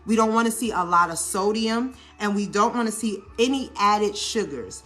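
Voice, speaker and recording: A woman with a New Orleans accent chatting casually while making a salad in a home kitchen, animated and coaching, often checking in with her viewers. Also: medium pitch, moderate pace, soft background music. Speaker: lifestyle vlogger. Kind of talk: casual cooking vlog talk.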